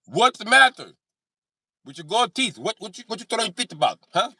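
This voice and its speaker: A man voicing a teasing, gruff Russian male mechanic with a mocking put-on foreign accent. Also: sits high, big pitch swings, fairly quick, sharp tone, no room sound, studio quality, pitched above the performer's own voice, exaggerated voice.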